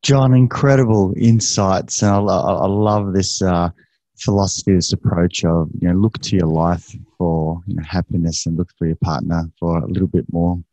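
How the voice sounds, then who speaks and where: A male interview host speaking haltingly, repeating words as he gathers his thoughts, in a dull lo-fi recording. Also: low-pitched, steady tone, dark tone, dry recording.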